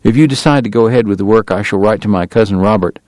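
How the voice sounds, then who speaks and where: A man's voice: lowish voice, quick pace, a little mellow, no echo, natural voice. A man reading the part of a genteel, long-winded dentist in a Southern drawl. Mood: formal. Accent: Southern US drawl, put on. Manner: formal, long-winded, precise.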